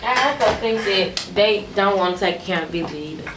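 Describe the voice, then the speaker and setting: A woman's voice: mid-range voice, expressive, fast talker. A woman in a casual family chat, answering candidly in a laid-back way. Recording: distant mic in echoey room with music.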